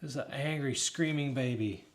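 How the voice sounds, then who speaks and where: Casual hobbyist guy in his 30s, mid-pitched, rambling chat to viewers, quick laughs. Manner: rambling, chatty, laughs often, talks to viewers directly. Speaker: hobbyist builder talking to stream chat. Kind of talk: casual live build chat.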